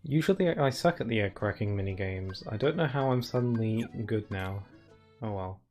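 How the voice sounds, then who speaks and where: This let's-play streamer has a lowish, expressive, darkish voice and a moderate pace as he chats and rambles about his game. Frequent laughter and plenty of "like" fill his talk, with game music faintly audible.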